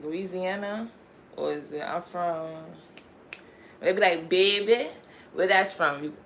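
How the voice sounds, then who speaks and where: A woman's voice: fairly low pitch, slight background noise. A woman with a New York accent, just out of bed, chatting casually and rambling on a livestream. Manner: rambling, chatty, drawn-out fillers. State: just woke up. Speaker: livestream host.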